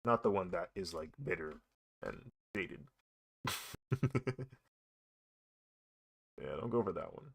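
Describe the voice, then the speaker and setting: Young man, very low voice, casual rambling drawing chat, laughs a lot. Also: animated, slow pace, vocal fry, pauses often, a bit bright, slight background noise. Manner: rambling, laughs often, says "bro" a lot. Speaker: artist streaming a drawing session.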